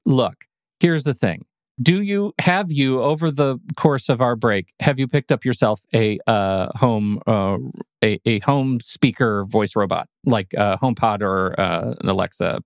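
A man's voice: mid-range voice, no echo, clean studio sound. A man co-hosting a podcast in casual chat, playful and teasing as he talks. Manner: playful, teasing, quick-talking. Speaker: podcast co-host.

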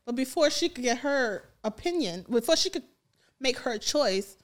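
A woman co-hosting a casual recap chat, blunt and opinionated, with quick asides. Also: sits high, expressive. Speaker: podcast co-host.

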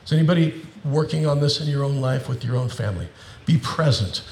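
A man's voice: medium pitch, a little fast, gravelly, a little hiss or hum. Man preaching in an echoey room. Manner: animated preaching, building to emphatic repetitions. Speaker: pastor. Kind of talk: sermon.

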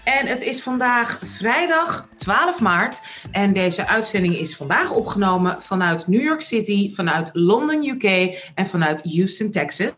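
A woman's voice: mid-range voice, normal speed. A woman with a Dutch accent hosting a podcast, talking eagerly and chattily over a video call. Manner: excited, talkative. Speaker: podcast host. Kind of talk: podcast intro chat. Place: at home in the city.

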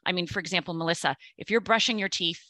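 A woman's voice: lowish voice, fast, sharp tone, dry recording. A middle-aged woman chatting casually as a podcast guest, telling stories and acting out what others said. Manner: chatty storyteller, acts out quoted voices. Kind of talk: casual chat.

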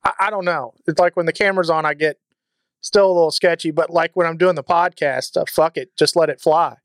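A man's voice: on the high side, steady tone, a little fast, fairly bright tone, no room sound. A man in casual podcast talk, wisecracking and profane.

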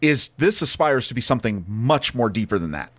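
A man's voice: mid-range voice, expressive, fairly quick, fairly bright tone, no room sound. A man co-hosting a podcast, chatting casually and enthusiastically about films, often restarting his sentences. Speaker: podcast co-host. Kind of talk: casual movie chat.

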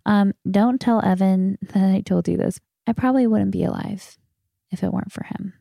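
A woman's voice: medium pitch, normal speed, vocal fry, warm tone, dry recording, studio quality. A woman in her thirties hosting a solo podcast, answering listener questions in a frank, candid way, swearing casually. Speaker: podcast host.

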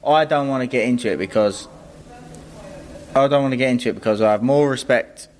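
A man, a boxing trainer, answering interview questions in a guarded, measured way, often repeating his phrases. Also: medium pitch.

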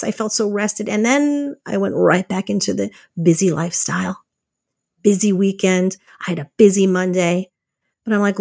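A woman hosting a podcast, chatting casually about rest and faith, lively and laughing often as she acts out little quotes. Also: mid-range voice, normal speed, dry recording, clean studio sound. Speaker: podcast host. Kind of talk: casual faith-based self-care talk.

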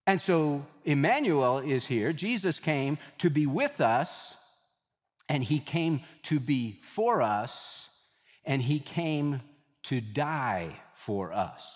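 A man preaching a sermon as pastor, speaking emphatically, repeating key phrases and slowing down to stress words. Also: a little high, very animated. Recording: reverberant hall.

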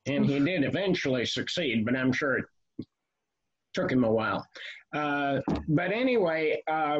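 Older man, slightly high, muffled. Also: slightly rough. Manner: measured, pauses often with "uh". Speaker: author guest. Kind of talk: casual interview chat. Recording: lo-fi, muffled sound.

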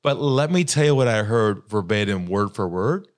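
A man telling a sales story as a podcast guest, dramatic and lively, acting out the voices of the people in it. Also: fairly low pitch, normal speed. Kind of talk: animated storytelling.

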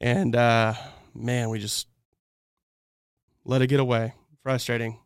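A man's voice: medium pitch, little pitch movement, slow, smooth, dry recording, studio quality. A man hosting a live fan stream, breaking down a game in a heated, exasperated rant. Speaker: fan channel host.

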